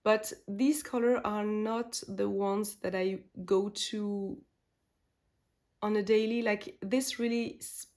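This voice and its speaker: A woman's voice: mid-range voice, fairly even intonation, slow pace, darkish tone. A woman whose first language is French, talking casually and enthusiastically to camera in a beauty vlog, with frequent fillers and restarts. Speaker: beauty vlogger. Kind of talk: casual makeup chat.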